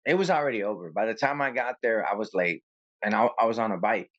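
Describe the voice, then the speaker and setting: Interviewed as a copwatcher, this man recounts a story in a loose, animated way, voicing each side of an argument. He talks fast in a lowish voice, and the sound is lo-fi.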